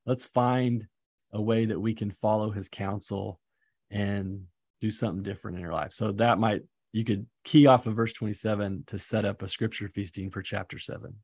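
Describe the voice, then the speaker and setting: A man's voice: on the low side, fairly even intonation, moderate pace, darkish tone, husky, dry recording, studio quality. A man who teaches seminary, thinking aloud with enthusiasm and fillers while talking through lesson ideas. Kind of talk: casual teaching-prep chat.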